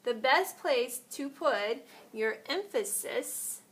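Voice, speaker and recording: A woman's voice: sits high, expressive, slow pace, fairly bright tone, breathy edge. A woman teaching an art lesson, explaining step by step while demonstrating on paper and sometimes moving away from the mic.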